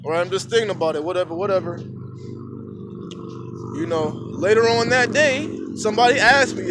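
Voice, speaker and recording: Outdoors at sunrise, a man vlogs into a phone camera held at arm's length, his high-pitched voice a little slow with long pauses over background noise. He rambles and swears through animated stories in a casual monologue.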